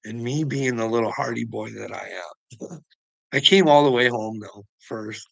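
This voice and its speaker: A man's voice: medium pitch, moderate pace, gravelly, fairly bright tone, slightly rough, no echo, low-quality recording. A man angrily telling a story about a run-in with police, swearing heavily and sounding agitated. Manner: profane, agitated, heavy swearing. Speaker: vlogger telling a personal story. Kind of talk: angry storytelling rant.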